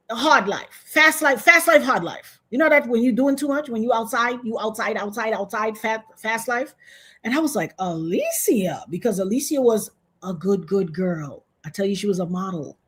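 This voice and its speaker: Husky-voiced woman telling a story. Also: normal speed. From Trinidad. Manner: animated, acts out quoted voices with big pitch jumps. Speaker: interview guest. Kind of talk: storytelling in an interview. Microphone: video call.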